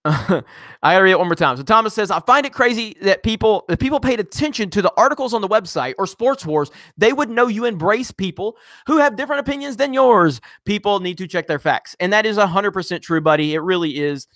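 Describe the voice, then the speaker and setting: A man's voice: sits high, animated, a little fast, a bit bright, no echo, studio quality. A man hosting a casual live stream, reading viewer comments and ranting bluntly with frequent swearing and restarts. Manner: blunt, profane, rambling with many restarts. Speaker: YouTube channel host.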